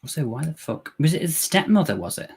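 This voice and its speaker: A man's voice: on the high side, sing-song, fairly quick, vocal fry, a little mellow, husky. A man in his thirties casually commenting during a live movie watch-along, thinking aloud and swearing freely.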